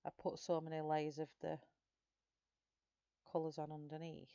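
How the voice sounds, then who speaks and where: A woman's voice: low-pitched, monotone, moderate pace, dark tone, clean tone, no room sound, dull audio. A middle-aged woman chatting casually with viewers while she colours live, rambling from one story to the next. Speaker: colouring channel host.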